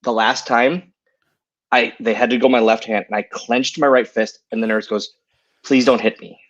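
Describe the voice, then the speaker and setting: A man's voice: mid-range voice, steady tone, normal speed, a bit bright, highs cut off. Dry-joking guest wrestler, a man. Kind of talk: casual chat over drinks.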